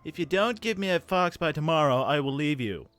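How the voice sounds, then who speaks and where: A man's voice: on the high side, animated, brisk, a bit bright, soft background music, pitched above the performer's own voice. A man putting on a vain, demanding young woman.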